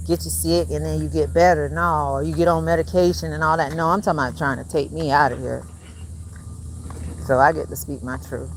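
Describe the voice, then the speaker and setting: A woman's voice: low voice, a little hiss or hum. A woman vlogging in a casual monologue, rambling and emphatic, swearing often and calling her viewers y'all. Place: rented home.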